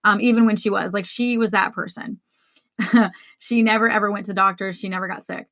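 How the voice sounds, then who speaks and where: Bright-voiced woman telling a personal story. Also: mid-range voice, steady tone, brisk, no echo, lo-fi sound. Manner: candid, conversational, addresses listeners directly. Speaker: podcast host.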